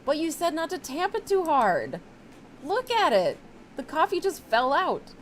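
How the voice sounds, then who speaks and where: A woman putting on a high, indignant teenage girl. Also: sing-song, a little slow, slight background noise.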